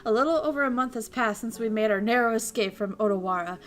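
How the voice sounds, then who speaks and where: A woman VTuber casually streaming a visual novel, reading it aloud with excitable, crude, giggly commentary. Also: a little high, quick pace, soft background music. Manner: crude, excitable, laughs and swears often.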